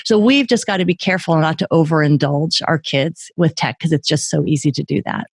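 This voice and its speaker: A middle-aged woman speaking as a guest author in a podcast interview, telling lively stories and acting out the voices she quotes. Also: deep voice, a little fast, dry recording, clean studio sound. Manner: lively storyteller who acts out quoted voices.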